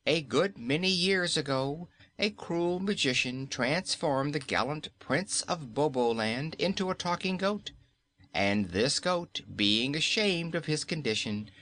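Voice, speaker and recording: A man narrating a children's storybook in measured audiobook style. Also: fairly high pitch, animated, sharp tone.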